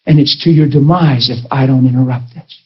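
A preacher drops his voice to play God, a calm and fatherly presence who speaks low and corrects him kindly. The sound is dull and lo-fi. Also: fairly quick, slightly rough, lightly acted. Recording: dull lo-fi recording.

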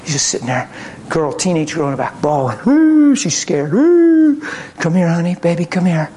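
A man preaching a sermon, telling a story with lively acted-out quotes and swings between loud and hushed. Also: on the high side, a little fast, a little hiss or hum.

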